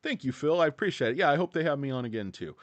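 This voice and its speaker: A man's voice: fairly high pitch, animated, very fast, no room sound. A man hosting a casual stock-market livestream, rambling and joking as he talks straight to his chat.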